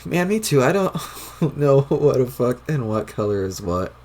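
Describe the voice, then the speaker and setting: A man voicing a mellow, foul-mouthed young male troll clown while reading a webcomic aloud, with a drawling, laid-back delivery. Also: medium pitch, very animated, normal speed.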